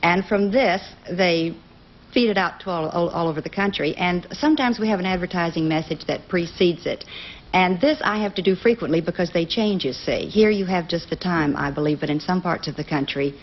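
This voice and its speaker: A woman's voice: fairly low pitch, brisk. A woman with a Southern accent, a game show guest explaining her job in a friendly, folksy way. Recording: lo-fi 1970s TV broadcast with faint hiss.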